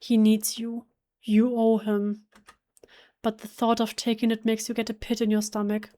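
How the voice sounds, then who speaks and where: A German-native woman reads horror game narration aloud, hushed and emotional, often stumbling and restarting mid-word. Her voice sits fairly high but moves little in pitch. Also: completely flat delivery, normal speed. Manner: emotional, hushed, with self-corrections. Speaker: let's play gamer. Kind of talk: reading game text aloud.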